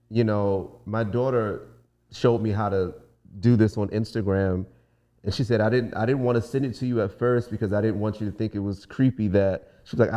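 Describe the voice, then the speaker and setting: Relaxed man with a low, mellow voice. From Washington DC. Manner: relaxed storyteller, acts out quoted voices. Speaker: guest singer. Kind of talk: casual podcast interview.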